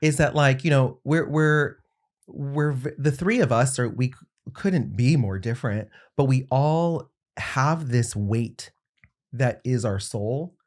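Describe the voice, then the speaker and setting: A man speaking as a podcast guest, thoughtful and reflective, often halting and restarting his sentences. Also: medium pitch. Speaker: podcast guest, makeup artist.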